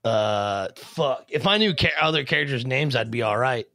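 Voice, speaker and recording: Gravelly-voiced male podcast guest. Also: mid-range voice, animated, moderate pace, crowd noise. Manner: swearing, flustered, self-deprecating. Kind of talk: casual banter.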